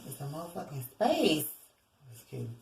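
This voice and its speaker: A woman's voice: low-pitched, sing-song, normal speed, vocal fry, a little mellow. Theatrical woman reading tarot, roomy echo. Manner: rambling and theatrical, addresses viewers as y'all. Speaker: tarot reader. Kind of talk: casual tarot reading to viewers. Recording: roomy echo, distant from mic.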